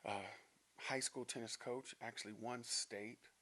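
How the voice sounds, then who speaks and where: Animated storytelling man from Denver. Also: medium pitch, measured pace. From Denver, Colorado, USA. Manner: animated storyteller, laughs often. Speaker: guest. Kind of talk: podcast storytelling.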